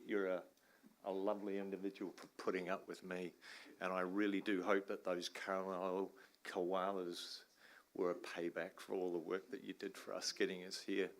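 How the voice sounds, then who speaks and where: A man's voice: sits low, flat delivery, normal speed. A man from New Zealand with an Australian accent, giving an informal, joking conference talk in a large room as a river science professor. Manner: joking, informal, swears mildly, bursts into laughing loud asides.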